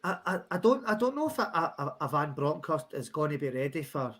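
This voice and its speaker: A man's voice: fairly high pitch, big pitch swings, fairly bright tone. A Scottish man chatting on a football podcast, swearing freely and stumbling over restarts. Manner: sweary, halting with many restarts. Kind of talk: casual post-match chat.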